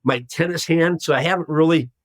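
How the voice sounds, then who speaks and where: A man in his sixties, a podcast guest telling a long story in a lively way and acting out the voices of the people in it. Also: a little high, a little fast, no room sound. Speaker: guest, former hostage.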